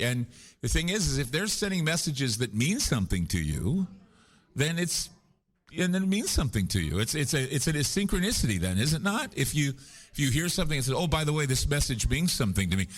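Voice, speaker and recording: A man guesting at a paranormal conference, telling long rambling stories with jokes at his own expense. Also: medium pitch. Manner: rambling, joking, self-deprecating storyteller. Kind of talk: casual chat. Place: live at a conference.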